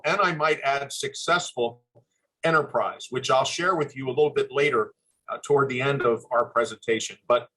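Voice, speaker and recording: An older man giving a formal webinar presentation over a video call, speaking in an earnest, measured and courteous way. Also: mid-range voice, fairly bright tone, low-quality recording. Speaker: webinar presenter, former admissions dean.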